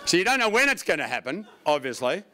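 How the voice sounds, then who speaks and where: A man's voice: a little high, fast, noisy background. A man performing a stand-up comedy routine, wry and profane, telling stories with lots of energy. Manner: wry, profane, animated storytelling.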